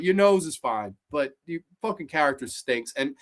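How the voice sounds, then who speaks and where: A woman hosting a casual film review show, ranting in a profane, sarcastic, animated way. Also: deep voice, moderate pace, hardly any pauses. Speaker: host.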